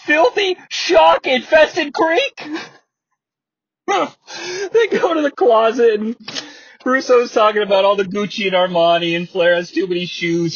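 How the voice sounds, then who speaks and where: A man with a high, breathy-edged voice hosts a podcast recapping old wrestling, full of wry humor, frequent laughter, and rambling asides. The podcast mic sounds dry and slightly muffled.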